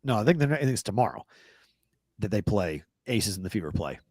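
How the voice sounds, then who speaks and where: A man's voice: on the low side, very animated, a little fast, a little mellow, no room sound. A man with a Boston accent co-hosting a sports betting talk show, casually talking through games, thinking aloud and correcting himself.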